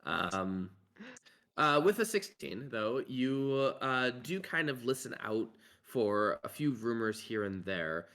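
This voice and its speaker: A man running a tabletop game as game master, talking in a halting way full of filler words. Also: medium pitch, very animated, bright, forceful tone.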